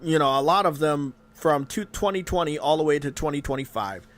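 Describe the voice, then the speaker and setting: A man's voice: on the high side, a little fast, fairly bright tone. A man ranting indignantly in a commentary video, stumbling and repeating himself.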